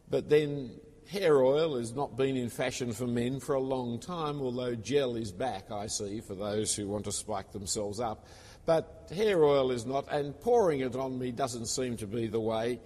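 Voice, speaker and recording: A man's voice: medium pitch, a little mellow. A man preaching a sermon, explaining scripture in an expository way with casual personal asides. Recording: long reverb of a large hall.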